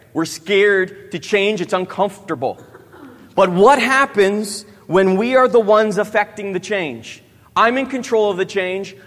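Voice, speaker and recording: A high, slightly bright male voice belongs to a youth pastor in his thirties mid-sermon. He frequently questions the crowd and caps lines with "right?", with the sound echoing in a long hall reverb.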